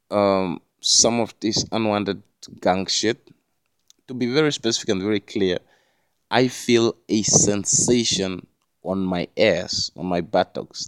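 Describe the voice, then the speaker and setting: A man with a somewhat low voice rambles through a solo podcast monologue, cursing freely and restarting his sentences. The sound is dry and close, with no room echo. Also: clean tone. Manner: rambling and profane, many restarts. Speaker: podcast host.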